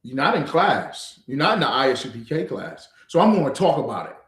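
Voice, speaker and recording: A man's voice: medium pitch, very animated, brisk, roomy sound. A man teaching a livestreamed scripture class, lecturing emphatically with rhetorical questions.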